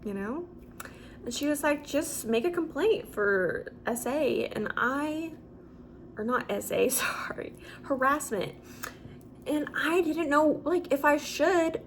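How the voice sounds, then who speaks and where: In a rough recording with a little hiss or hum, a young adult vlogger chats casually through a story-time video, animated and full of fillers. She speaks with a fairly high pitch.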